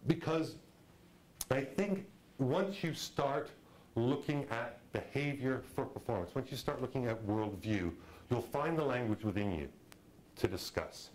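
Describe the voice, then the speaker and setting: A middle-aged man teaching a film directing class, talking in a lively, conversational way and acting out quotes. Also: mid-range voice, a little slow, poor audio. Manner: animated, conversational, acts out quotes. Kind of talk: lecture to a class.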